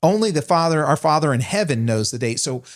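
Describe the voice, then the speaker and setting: A man co-hosting a faith podcast, explaining his points in a steady, conversational way. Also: a little high, a little fast. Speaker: podcast co-host.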